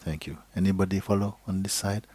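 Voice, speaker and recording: A man giving a live spiritual teaching to an audience, speaking slowly and gently, sometimes dropping to a soft whisper and checking in with "okay?" and "you see?". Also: low voice, steady tone. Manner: slow, gentle, drifting into a soft whisper at times. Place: live gathering hall.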